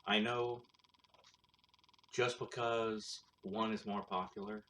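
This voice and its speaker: Guy rambling slow and blunt on his own show, kinda low voice, crude and sarcastic. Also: level tone, sharp tone, a little hiss or hum. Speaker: show host. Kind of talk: casual solo commentary.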